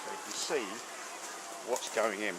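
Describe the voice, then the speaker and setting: A beekeeper talks outdoors beside a beehive, giving casual hands-on commentary that is chatty and rambling, full of fillers. His voice sits fairly low and he speaks unhurriedly. It's recorded on a handheld or mounted camera, with buzzing bees clearly audible in the background.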